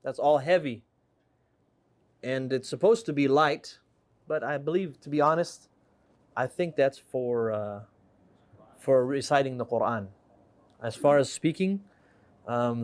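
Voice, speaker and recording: A man teaching an Arabic class, explaining and joking with his students in a relaxed way. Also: mid-range voice. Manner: relaxed, joking, explains by reading examples aloud.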